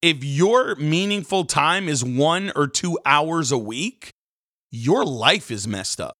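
A man, a pastor hosting a daily devotional, preaching casually with sudden jumps into loud mocking voices. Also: fairly high pitch, lively intonation, slow pace, no room sound, clean studio sound. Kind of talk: energetic devotional sermon.

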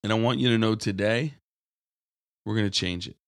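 A low-pitched man delivers a sermon like a radio message, shifting between earnest teaching and animated stories. He imitates complaining people in a high, whiny voice. The recording is close and dry, with no room sound. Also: normal speed, dry recording. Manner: animated storytelling, mimics others in a high whiny voice. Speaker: preacher.

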